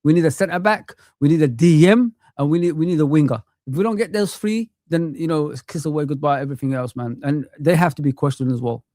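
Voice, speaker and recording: This man, in his thirties or forties, rants passionately during a live football watch-along, swearing and tacking "man" onto his lines. His voice is fairly high and mellow, a little fast with few pauses, captured dry with clean studio sound.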